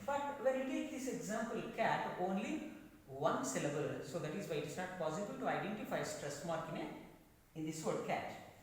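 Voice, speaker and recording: A man teaching a classroom lecture, speaking slowly, repeating his phrases, with frequent hesitations. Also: high-pitched, expressive, slight background noise. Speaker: English teacher. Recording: echoey classroom, mic far off.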